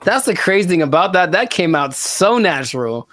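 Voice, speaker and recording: A man co-hosting a podcast, chatting casually in an animated, rambling way with lots of exclamations. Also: sits high, moderate pace, a little hiss or hum. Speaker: podcast co-host. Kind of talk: casual chat.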